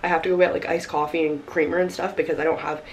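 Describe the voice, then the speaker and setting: A woman's voice: low voice, flat delivery, quick pace, a little hiss or hum, low-quality recording. Chatty young woman vlogging. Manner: chatty, rambling with frequent "like" fillers. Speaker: lifestyle vlogger. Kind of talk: casual vlog chat.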